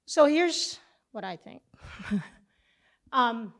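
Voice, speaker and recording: A middle-aged woman teaching a church session, telling a personal story with lively back-and-forth dialogue. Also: a little high, drawn-out words, vocal fry. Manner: animated storytelling, acting out both sides of a conversation.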